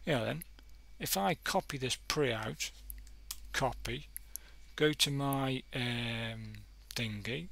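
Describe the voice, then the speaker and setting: A man's voice: medium pitch, slow pace, gravelly, long pauses, a bit bright. A man hosting a casual coding tutorial, thinking aloud and correcting himself as he clicks through examples. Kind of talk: casual screen-recorded tutorial.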